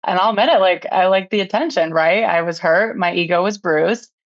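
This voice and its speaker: A woman with a lowish voice calls in to an advice show and tells her story in a chatty way, acting out what everyone said. The audio is dull and a bit muffled, and dry, with no room sound. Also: fairly quick, dry recording. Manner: chatty, retells with quoted dialogue. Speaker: caller. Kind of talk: casual storytelling.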